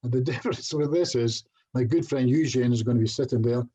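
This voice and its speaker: Middle-aged Scottish man, dark husky voice, chatty online talk, muffled video call. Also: mid-range voice, brisk. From Scotland. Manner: chatty, self-deprecating, with little jokes. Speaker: hypnotherapist presenter. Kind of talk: casual online presentation.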